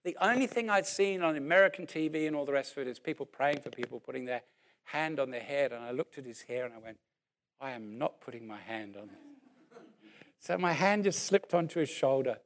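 A man around sixty, preaching a sermon as a lively story and then leading a prayer, acting out what people said. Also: fairly high pitch, fast. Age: about 60. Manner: animated storyteller who acts out what people said.

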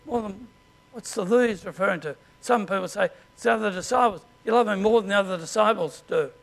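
An Australian man preaching a sermon as pastor, in a conversational way and often clearing his throat. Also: high-pitched, a little fast.

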